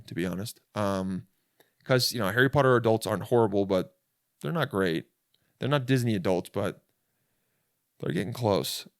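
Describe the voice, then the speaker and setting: A man's voice: on the low side, vocal fry, no room sound, clean studio sound. A young man hosting a podcast, telling a rambling comedic monologue in a crude, self-interrupting way from a bed in a rental apartment. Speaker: podcast host.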